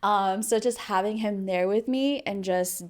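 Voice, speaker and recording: A woman's voice: mid-range voice, a little slow. A playful woman around thirty from the United States, a podcast guest chatting casually and laughing often. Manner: playful, laughs often, uses many fillers. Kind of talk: casual interview chat.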